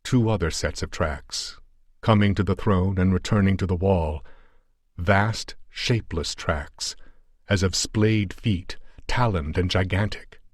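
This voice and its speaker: A man narrating a pulp adventure story in a measured, dramatic audiobook reading on a close mic. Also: low-pitched, dry recording.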